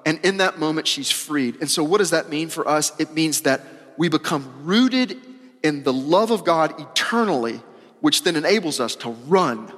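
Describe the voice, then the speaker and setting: A man preaching a sermon as pastor, emphatic and casual, repeating phrases and moving between loud and soft. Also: a little high, expressive, normal speed. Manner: casual, uses "y'all" and slang. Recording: long hall reverb.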